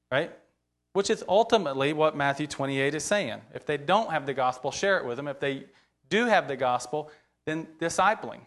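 A man's voice: fairly high pitch, a bit bright. A man teaching from the Bible to a church group in an informal, conversational way, often checking in with "right?" and speaking earnestly and openly about his feelings.

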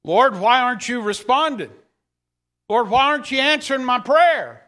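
A man's voice: extremely high pitch, expressive, moderate pace, sharp tone. A man preacher giving a dramatic sermon, reading scripture aloud and questioning his listeners.

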